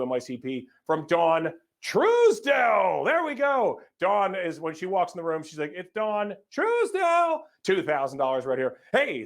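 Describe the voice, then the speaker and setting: A man hosting a live fundraiser as emcee, energetically calling out donors and thanking them, sometimes stumbling over names. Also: a little high. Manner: energetic, upbeat announcing of donors.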